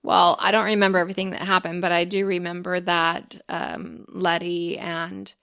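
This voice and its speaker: A woman's voice: lowish voice, flat delivery, fairly bright tone, smooth. Laid-back woman on a podcast. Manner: laid-back, joking, quick to laugh. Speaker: podcast co-host. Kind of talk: casual chat recapping a TV episode.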